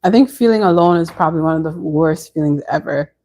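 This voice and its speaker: A woman's voice: sits low, fast, darkish tone, poor audio. A woman chatting casually on a home live stream, answering viewers' comments as she goes.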